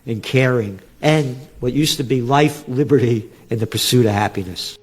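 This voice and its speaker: An older man giving an impassioned, sarcastic monologue, firing off rhetorical questions and shouting. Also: mid-range voice, moderate pace, slightly rough. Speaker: trend forecaster guest.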